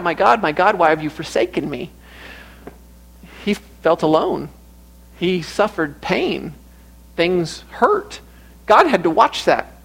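A male preacher delivering a sermon with a high-pitched voice. He speaks earnestly and leans on repetition to drive his points home. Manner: earnest, repeats phrases for emphasis.

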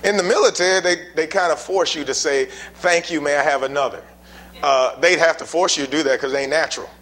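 A preacher with a notably high voice delivers a sermon to his congregation. He is emphatic and folksy, drives points home with rhetorical questions, and loosens things up with casual asides. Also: fast, fairly bright tone. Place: church building before a congregation.

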